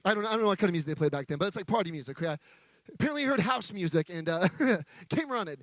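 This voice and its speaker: A man's voice: sits high, animated, very fast, fairly bright tone, no echo. A man preaching a sermon from a stage, joking with a live audience in a playful, chatty manner.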